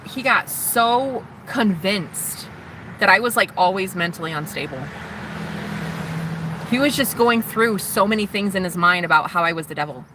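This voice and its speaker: A young woman rambling in a casual, confessional vlog, teary and chatty, sometimes dropping to a whisper. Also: fairly low pitch. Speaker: vlogger. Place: in a parked car. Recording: noisy with traffic behind.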